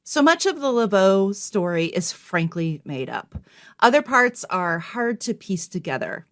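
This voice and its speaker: Woman co-host, clear measured history narration, mid pitch. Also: sing-song. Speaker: podcast co-host.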